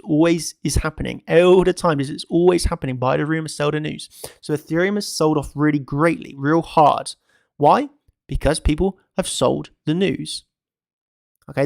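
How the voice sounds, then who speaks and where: Here a man with a slightly high, gravelly voice talks crypto markets casually to camera, hammering his points by repeating and stacking phrases. The recording is clean studio sound without any room ambience.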